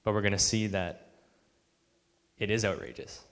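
A man's voice: lowish voice, moderate pace, a bit bright, long reverb tail. A man preaching a sermon, earnest, acting out the voices of the people he quotes. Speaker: pastor.

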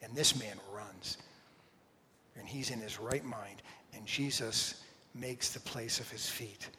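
A man preaches in a church sanctuary, his voice rising to loud declarations and then falling to hushed whispers. His pitch sits in a middle range. The sound carries the long reverb of a large hall. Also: slow, slight background noise. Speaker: pastor. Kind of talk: sermon.

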